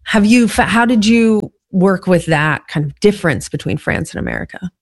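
A podcast host leans into curious, conversational questions for a guest. The voice sits at a middle pitch. The recording is dry, with no room sound around it. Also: lively intonation, normal speed, no room sound. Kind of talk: interview questions.

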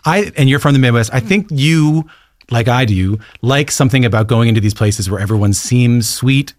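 A man's voice: medium pitch, moderate pace, darkish tone, no room sound. A man from Newfoundland interviewing a guest in a friendly, chatty way. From Newfoundland, Canada. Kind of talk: casual interview.

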